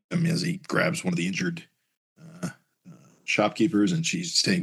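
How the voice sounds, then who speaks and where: Husky-voiced man recapping a comic. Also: moderate pace. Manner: acts out character lines in higher voices. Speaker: podcast co-host reading a comic aloud. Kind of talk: casual comic recap with voiced character lines.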